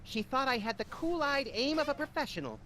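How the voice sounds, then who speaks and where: Max, a manic cartoon rabbit. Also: male voice, extremely high pitch, brisk, slight background noise, heavily acted. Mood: boastful. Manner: gleefully unhinged, grandiose deadpan boasts. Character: manic wisecracking male rabbit-like sidekick.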